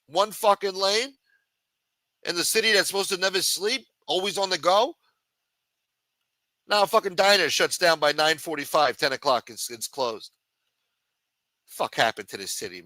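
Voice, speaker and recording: A man's voice: on the high side, pushed and bright, no room sound. A man ranting angrily and profanely as a podcast host. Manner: angry, profane, combative. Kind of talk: profane political rant.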